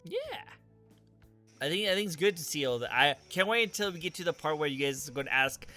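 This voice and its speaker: A man talks loosely with his guest on a live stream, teasing and repeating phrases for fun. His voice is bright and forward, with soft music faintly underneath. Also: a little high, expressive, fast talker. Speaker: streamer hosting a VTuber interview. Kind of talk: casual stream chat.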